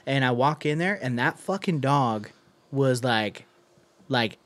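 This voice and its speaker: A young man chatting on a podcast, telling stories in an animated way, full of slang and cursing. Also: mid-range voice, slow, no echo. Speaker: podcast co-host. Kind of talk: casual chat.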